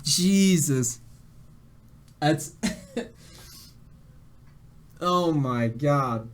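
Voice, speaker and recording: This young man, a game streamer, has a fairly high voice and lively intonation, and he speaks very slowly. Shaky after crying, he tells his live chat a rambling, casual story full of laughs and restarts.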